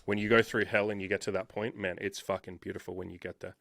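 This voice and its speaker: A man's voice: sits low, fairly even intonation, quick pace, vocal fry, a bit bright, no room sound. A man, telling his life story as an interview guest in a blunt, emphatic way, swearing often. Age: 30s. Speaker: interview guest, dating coach. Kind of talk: candid personal storytelling.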